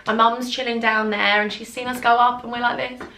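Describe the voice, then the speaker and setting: Bright, giggly young woman. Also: a little high, flat delivery, brisk, a little hiss or hum. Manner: chatty, giggly, acts out voices of others. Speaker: beauty vlogger. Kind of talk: casual storytelling to camera. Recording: echoey room.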